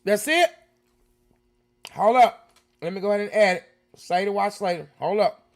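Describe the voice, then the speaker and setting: A woman hosting a live reaction stream, talking casually and breaking into loud, excited exclamations. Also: mid-range voice, normal speed.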